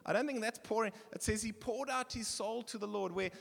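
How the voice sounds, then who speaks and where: Male pastor, high lively voice, gravelly edge, sermon style, bursts of shouting, reverberant church hall. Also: fairly quick. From South Africa. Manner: animated preaching with bursts of shouting.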